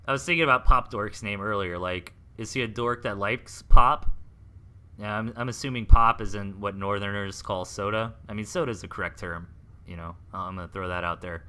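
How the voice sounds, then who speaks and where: A young man from the Southern United States casting a game replay live, rambling through joking side chats between quick play calls. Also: lowish voice, sharp tone. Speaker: esports caster.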